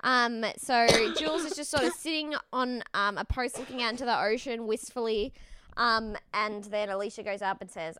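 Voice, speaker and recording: A woman's voice: a little high, normal speed, sharp tone, a little hiss or hum. A woman co-hosting a podcast, chatting casually and giggling while she acts out quotes from a reality show. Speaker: podcast co-host.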